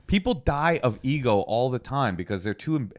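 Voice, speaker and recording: A man's voice: medium pitch, moderate pace. A man co-hosting a comedy podcast, telling a story with acted-out quotes in casual chat. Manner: animated storytelling, acts out quotes loudly. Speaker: podcast co-host.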